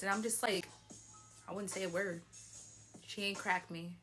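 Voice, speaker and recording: A woman's voice: medium pitch, a little slow, a bit bright, faint music behind. A young woman vlogger casually telling a personal story, chatty and full of "like", a bit tipsy from wine. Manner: chatty, frequent "like", laughs often.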